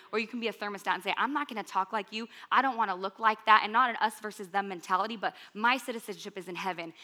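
A woman's voice: medium pitch, pushed and bright. A young woman preaching a sermon in an earnest, conversational and emphatic way.

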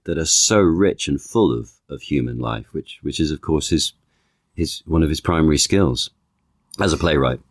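A man with an extremely deep, low voice talks through ideas as a podcast guest. He restarts phrases often and keeps reaching for one analogy after another. The sound is dry and close, with no room around it. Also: moderate pace, no room sound. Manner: thoughtful, stacks analogies, frequent restarts and "you know". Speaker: podcast guest, actor and author. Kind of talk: conversational interview.

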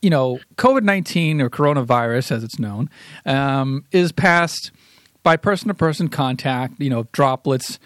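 Podcast co-host, male, mid pitch, halting casual delivery, dry recording. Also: expressive, fairly bright tone, no echo. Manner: unhurried, hesitant with many "uh"s.

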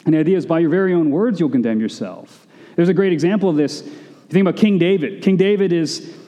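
A man's voice: a little high, fast talker, mellow, in a large hall. A man preaching a sermon in a conversational way, with casual asides to his listeners.

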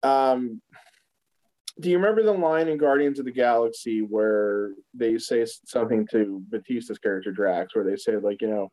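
A man's voice: on the low side, steady tone, fairly quick, a little mellow, poor audio. A man in casual chat, recorded on a phone, loosely retelling TV scenes with many fillers.

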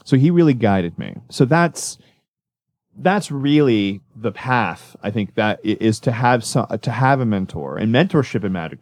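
A male magician talking casually in an interview, rambling and correcting himself as he tells animated stories. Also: fairly low pitch, no echo. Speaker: magician guest.

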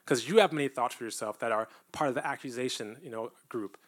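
A man's voice: medium pitch, fast talker. A man giving a testimony-style sermon to a church, talking earnestly and conversationally and at times building up to emphatic preaching. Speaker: church speaker.

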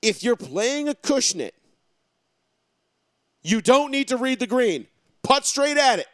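A young man ranting loudly and crudely in a casual profane chat, mocking the people he complains about. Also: extremely high pitch, very animated, a little slow, no echo.

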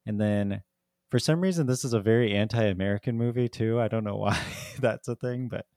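A man's voice: fairly low pitch, a little fast, a little mellow, dry recording. A man co-hosting a podcast, chatting casually about a movie, rambling with lots of "like" and frequent laughter. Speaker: podcast co-host. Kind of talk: casual movie review chat.

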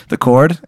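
A young man hosts a podcast, casually improvising a crude story packed with fillers. The recording is dry and studio quality.

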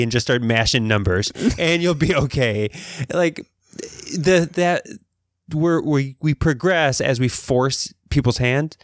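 A man's voice: mid-range voice, no room sound, clean studio sound. A man hosting a casual tech podcast, talking in a rambling way with frequent restarts. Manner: rambling, many restarts, chuckling. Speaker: podcast host.

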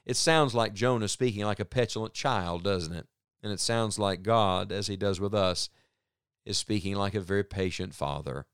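A man's voice: lowish voice, normal speed, clean tone, dry recording, clean studio sound. A man teaching from the Bible on a radio program, reading verses aloud and explaining them in an earnest, pastoral way. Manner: earnest, reads scripture aloud then explains it.

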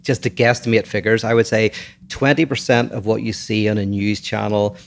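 A man's voice: lowish voice, level tone, moderate pace, gravelly. A man co-hosting a podcast, chatting casually with dry, teasing remarks and thoughtful opinions. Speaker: podcast co-host. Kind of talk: casual chat.

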